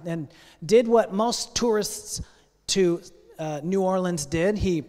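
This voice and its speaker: A male pastor preaching a sermon and telling a long story, speaking earnestly with pauses and building intensity. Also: a little high, a little mellow. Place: church sanctuary. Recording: long church hall reverb.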